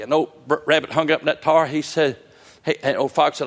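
An older man preaching a sermon, telling folksy stories with an earnest, gently urgent manner. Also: on the high side, steady tone, fairly quick. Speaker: pastor.

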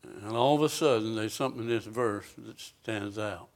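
A man preaching a sermon, reading scripture aloud with emphasis and asking his listeners direct questions. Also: lowish voice. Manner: slow, emphatic scripture reading with rising intensity; asks the congregation direct questions.

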